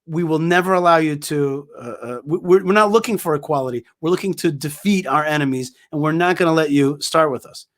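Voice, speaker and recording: A man's voice: fairly high pitch, a little fast, few pauses, a bit bright. A man speaking as a guest in conversational storytelling, emphatic and full of restarts and repeated words. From Israel.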